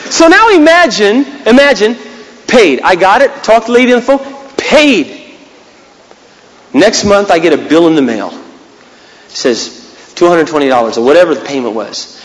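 A male preacher delivers a sermon in an easy, conversational way, acting out little scenes as he goes. His voice is high for a man and swings widely up and down. A long reverb from a large hall trails behind him. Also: sing-song, moderate pace.

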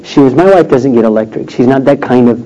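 A man's voice: medium pitch, fast. A middle-aged man telling a personal story in a sermon, acting out the people he quotes. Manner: animated storytelling, acts out quoted voices. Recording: dull lo-fi recording with faint noise.

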